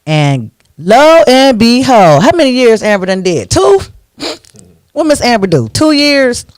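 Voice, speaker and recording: A man hosting a radio talk show, ranting in an animated, preachy way into a studio microphone. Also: very high-pitched, a little slow, dry recording.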